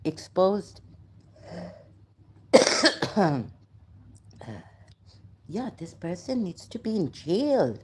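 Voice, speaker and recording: A woman's voice: mid-range voice, very animated, drawn-out words, pauses often, darkish tone, a little hiss or hum. A woman from Pakistan with a Pakistani accent, telling a rambling personal story, switching between English and Urdu, with many fillers and apologies. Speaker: vlogger.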